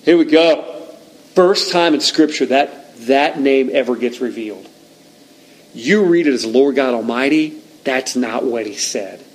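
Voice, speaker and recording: Animated male preacher telling a story. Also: mid-range voice, unhurried, low-quality recording. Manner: animated storytelling, frequent restarts. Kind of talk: sermon.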